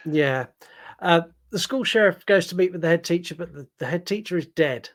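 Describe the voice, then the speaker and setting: A man with a fairly high voice co-hosts a podcast and chats loosely about a film. He rambles and fills his talk with "like" and "um". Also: animated, normal speed, fairly bright tone. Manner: chatty, rambling, lots of "like" and "um". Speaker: podcast co-host. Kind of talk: casual chat recapping a film.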